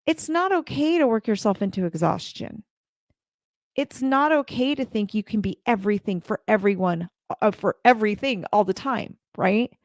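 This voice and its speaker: A woman's voice: mid-range voice, lively intonation, moderate pace, no room sound, clean studio sound. A woman in her forties gives a heartfelt motivational talk to live viewers as a community leader, speaking earnestly and repeating her phrases.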